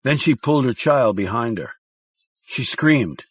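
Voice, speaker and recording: Slow, husky male thriller narrator. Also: medium pitch, lively intonation. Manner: slow, measured, dramatic reading. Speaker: audiobook narrator.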